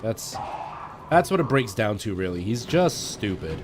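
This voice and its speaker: A man's voice: lowish voice, big pitch swings, unhurried, noisy background. A man live streaming and chatting casually to his viewers, ranting in exasperation as he talks straight to them over a headset mic.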